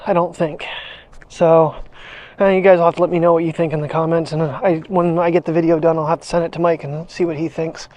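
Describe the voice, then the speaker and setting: Wearing a wireless clip-on mic, a daily vlogger chats casually while out with his dog, wandering from topic to topic, laughing a little and speaking to the dog now and then. His voice is high and a little mellow.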